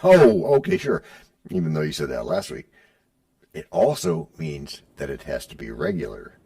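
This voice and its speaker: A man's voice: low voice, normal speed, creaky, slightly rough, distant mic. A man hosting a podcast, bantering in a playful, teasing way. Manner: playful, teasing, lively delivery. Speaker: podcast host.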